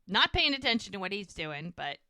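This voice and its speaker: A woman's voice: mid-range voice, very animated, brisk, pushed and bright, no echo. A woman podcast co-host chattily recapping a TV episode, full of "like" and "he's like". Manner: chatty storytelling, frequent "like" and "he's like".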